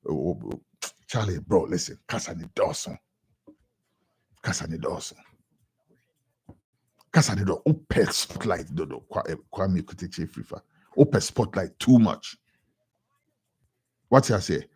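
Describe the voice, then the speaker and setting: Animated, husky Ghanaian radio commentator man. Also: deep voice, moderate pace, pauses often. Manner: animated, code-switching, repeats words for emphasis. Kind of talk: editorial commentary.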